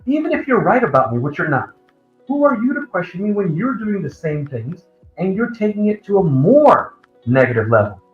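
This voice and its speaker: A man's voice: sits high, sing-song, normal speed, faint music behind. A male caller in a heated debate, defensive and lecturing, complaining about being interrupted, heard over a call line. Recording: dull, roomy call audio.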